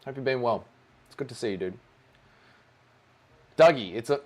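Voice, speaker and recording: A man's voice: mid-range voice, animated, fairly quick, long pauses, darkish tone. A man hosting a casual watch-along livestream, joking around and reading out chat messages. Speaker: livestream host.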